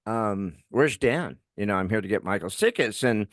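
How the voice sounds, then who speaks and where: A middle-aged man co-hosting a podcast, telling a story in a casual, animated way and laughing often as he talks. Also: fairly low pitch, normal speed, no room sound, studio quality. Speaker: podcast co-host.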